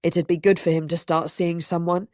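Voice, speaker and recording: A woman's voice: fairly low pitch, little pitch movement, moderate pace, a little mellow, no echo, studio quality, close to an everyday voice. A woman doing a coaxing, confident young man.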